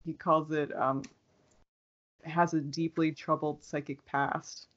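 Friendly woman guest, low voice, lo-fi. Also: flat delivery, takes it slowly. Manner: friendly, laughs often. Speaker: podcast guest. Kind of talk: casual chat. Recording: dull lo-fi sound.

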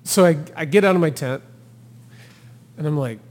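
A man's voice: fairly high pitch, normal speed, big-room sound. Man telling a trail story with feeling. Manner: animated storyteller who acts out quotes and laughs. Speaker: podcast guest, thru-hiker. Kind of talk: casual storytelling interview.

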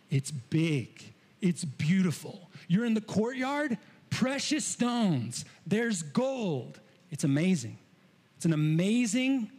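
High-voiced preacher in a reverberant hall. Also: male voice, slightly rough. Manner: animated, swings between loud emphasis and hushed asides. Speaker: pastor. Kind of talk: sermon.

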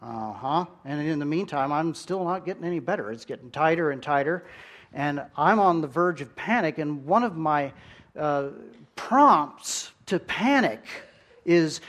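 A man preaching a sermon, telling stories in an animated way with big swings in loudness. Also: on the high side, unhurried.

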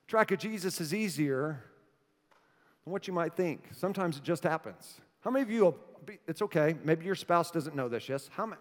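A man with a high voice preaches a sermon to his congregation, easygoing and joking but turning earnest. His voice rings out with the long reverb of a church hall. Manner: conversational, joking, then earnest. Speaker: pastor. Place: church sanctuary.

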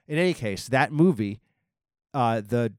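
A man's voice: medium pitch, lively intonation, a little slow, a little mellow, dry recording, clean studio sound. A man from Long Island hosting a podcast, telling a meandering comic story full of asides. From Long Island, New York. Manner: meandering, many ums and likes, self-interrupting. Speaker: podcast host. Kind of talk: rambling comic storytelling monologue.

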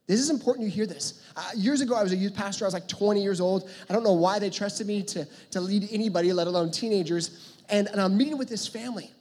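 Pastor, man in his 30s, husky, chatty animated sermon, long hall reverb. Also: high-pitched. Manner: conversational, animated, self-deprecating storytelling.

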